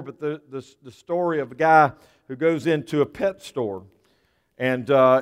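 Pastor preaching in a reverberant sanctuary. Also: male voice, fairly high pitch. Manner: conversational, repeats words while telling a story. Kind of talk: sermon. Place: church sanctuary. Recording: long hall reverb.

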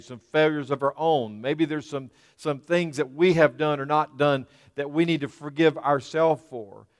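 A man delivering a sermon in a smooth, resonant voice pitched a little high. He preaches earnestly, repeating key words for emphasis. His voice rings with a long reverb, as if in a church hall. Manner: earnest, repetitive preaching with restarts and emphatic pauses. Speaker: pastor.

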